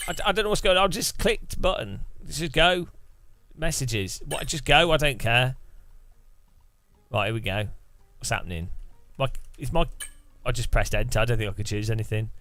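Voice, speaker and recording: A man's voice: medium pitch, moderate pace, bright, forceful tone, no echo. A man giving casual, sardonic commentary over a game he is playing, muttering asides at a desk mic. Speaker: gaming YouTuber.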